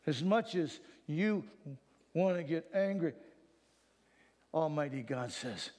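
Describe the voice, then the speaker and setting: A man preaching a sermon. He swings from hushed, solemn passages to fervent near-shouting. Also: a little high, lively intonation, slow pace, pauses often, in a large hall.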